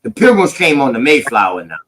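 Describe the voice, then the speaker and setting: A man's voice: mid-range voice, huge pitch swings, a little fast, fairly bright tone, poor audio. Profane man lecturing history. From South Carolina, United States. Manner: profane, emphatic storyteller explaining history. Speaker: podcast host. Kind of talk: casual history chat.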